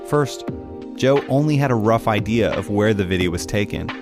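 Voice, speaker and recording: A man narrates the story in a measured, explanatory, scripted delivery. His voice sits a little low. Guitar music plays clearly beneath him. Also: animated.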